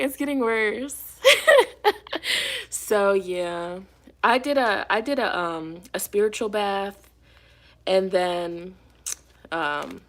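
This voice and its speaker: A tarot reader hosting her own channel tells a personal story to camera, casual and emphatic and swearing freely. Her voice is mid-range and a bit bright.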